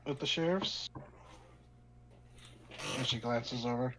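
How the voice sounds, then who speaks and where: A man narrating as game master at a tabletop game, loose and halting in his wording. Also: mid-range voice, a bit bright, slight background noise, poor audio.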